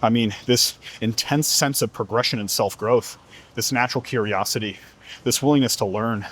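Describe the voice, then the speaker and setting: A man speaks earnestly in a motivational talk, pressing the listener with repeated rhetorical questions. His voice sits at a middle pitch, and he has the direct manner of a fitness coach. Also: moderate pace, fairly bright tone.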